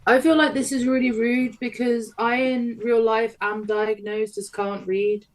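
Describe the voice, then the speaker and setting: A woman's voice: fairly high pitch, steady tone, a little slow. A woman playing a tabletop game, chatting in a playful, jokey way. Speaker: player. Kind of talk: casual tabletop game play.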